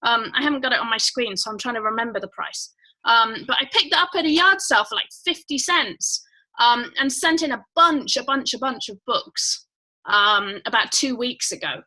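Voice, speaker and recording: A woman with a high, bright voice hosts a casual livestream. She rambles cheerfully, greets viewers by name and fills her pauses with "um". Her tone stays light and easygoing. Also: low-quality recording. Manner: rambling, chatty, many fillers. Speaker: livestream host.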